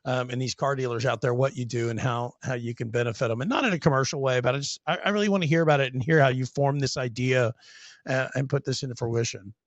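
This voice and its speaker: A chatty man hosting a podcast, laughing easily as he tells stories. His voice sits at an ordinary middle pitch and sounds dry and close, with no room echo. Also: fairly even intonation, fast, dull audio. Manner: laughs often, chatty storyteller. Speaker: podcast host. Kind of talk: casual podcast chat.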